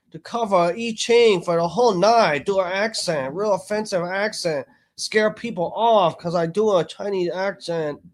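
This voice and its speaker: Higher-voiced man cracking jokes on a stream. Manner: casual, wisecracking. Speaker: streamer host. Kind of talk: joking live-stream commentary.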